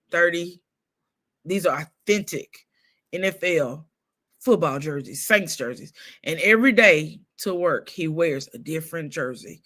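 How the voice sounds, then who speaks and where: A woman hosting a casual gossip livestream, telling stories in a lively way with laughs. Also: lowish voice. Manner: animated storytelling with laughs. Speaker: show host.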